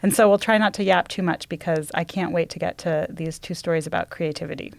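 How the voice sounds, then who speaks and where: A woman's voice: on the low side, fairly even intonation, fairly quick, creaky, dry recording. A woman co-hosting a studio podcast, enthusiastic and opinionated. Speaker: podcast co-host. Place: radio studio.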